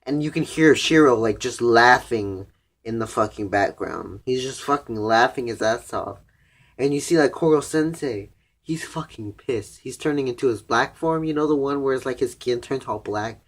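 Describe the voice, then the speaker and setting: A young man in casual recap mode, walking through an anime episode in a loose, rambling way. His speech is peppered with "like" and easy profanity, and his voice sits at an ordinary middle pitch. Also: moderate pace. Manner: rambling, profane, heavy use of "like". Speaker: anime reviewer.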